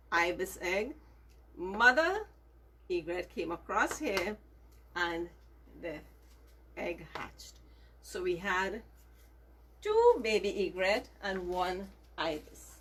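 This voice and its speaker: A woman telling a story to children, gentle and emphatic, with lots of repetition. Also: medium pitch, slight background noise.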